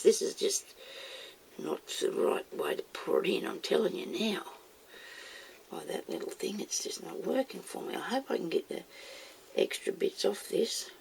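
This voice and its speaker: A woman's voice: medium pitch, vocal fry, a little mellow, a little hiss or hum. A woman chatting casually as she demonstrates making moulds, talking herself through each step and scolding herself by name. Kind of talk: casual how-to video.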